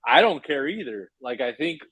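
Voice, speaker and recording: A man co-hosting a sports fan roundtable, speaking in a calm, measured, agreeable way. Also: mid-range voice, crowd noise, rough recording. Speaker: podcast co-host. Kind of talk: casual fan roundtable talk.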